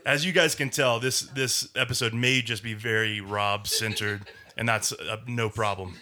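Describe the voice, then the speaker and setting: A man's voice: on the low side, steady tone, normal speed, bright, forceful tone. A man hosting a casual group podcast, hesitant, with many ums and restarts. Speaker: podcast host.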